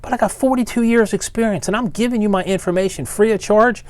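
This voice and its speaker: A man's voice: high-pitched, fast, no room sound. A man in his sixties with a Baltimore accent, an engine builder ranting bluntly and with exasperation at his critics in a one-take video. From Maryland, Baltimore area. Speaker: engine builder and shop owner. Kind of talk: one-take rant to camera.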